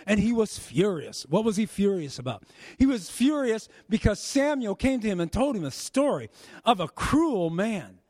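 High-pitched guy preaching hard, gets shouty, dry sound. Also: dry recording. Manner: fervent preaching, rising to shouts. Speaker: pastor. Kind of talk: sermon.

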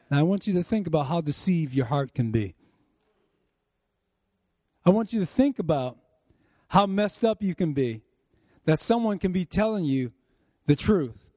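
Fervent male preacher, high voice, dry close sound, builds to shouts. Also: no room sound. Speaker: pastor. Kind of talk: sermon.

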